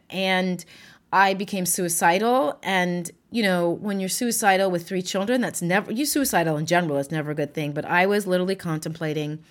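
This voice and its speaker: A widow speaking candidly and emotionally about her life, laughing often and swearing now and then. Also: lowish voice. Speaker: widow sharing her story. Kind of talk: candid personal talk.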